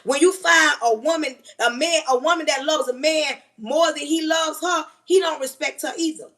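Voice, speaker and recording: A woman's voice: sits high, normal speed, a bit bright. A woman in her forties giving emphatic relationship advice to viewers of her livestream, calling them "baby" and preaching her points while she does kitchen chores. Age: 40s. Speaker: livestream host. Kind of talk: casual advice talk to a live audience.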